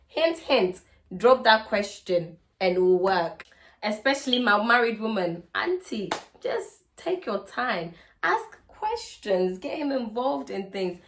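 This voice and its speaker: A woman with a Ghanaian accent chats through relationship tips in a casual vlog. Her voice sits a little high, and her manner is playful and teasing. Now and then she slips into a sweet, coaxing voice. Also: fairly bright tone. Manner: playful, teasing, acts out sweet-talking lines. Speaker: vlogger giving relationship advice.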